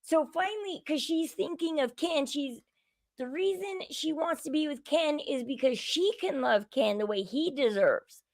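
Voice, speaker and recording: Indignant high-voiced woman commentator. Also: lively intonation, measured pace, a little mellow, no echo. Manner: indignant, opinionated, repeats herself while building a point. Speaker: show host. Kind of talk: commentary on a reality show.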